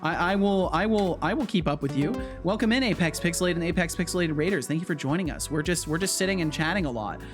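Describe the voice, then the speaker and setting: A man's voice: fairly high pitch, animated, fast talker, few pauses, music in the background. A man chatting casually on his livestream, often stammering and repeating words. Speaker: streamer and game developer. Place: home.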